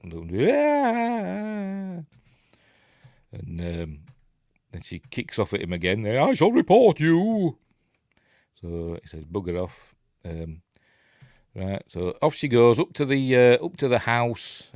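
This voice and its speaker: A man's voice: lowish voice, a little mellow, no room sound, clean studio sound. A man with a Yorkshire accent giving casual, rambling film commentary, often correcting himself and chuckling at his own asides. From England. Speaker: film reviewer.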